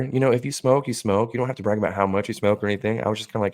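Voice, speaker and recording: A man's voice: lowish voice, racing, hardly any pauses, no room sound, clean studio sound. A man co-hosting a podcast, telling a long rambling, profane bar story and acting out what others said. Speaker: podcast co-host. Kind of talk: casual storytelling chat.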